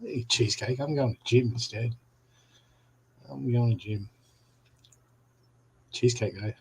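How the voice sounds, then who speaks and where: A man's voice: mid-range voice, a little slow, slightly rough, poor audio. A middle-aged man hosting a live reading stream, chatty and rambling as he talks to viewers at home. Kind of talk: casual live-stream chat. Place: home room.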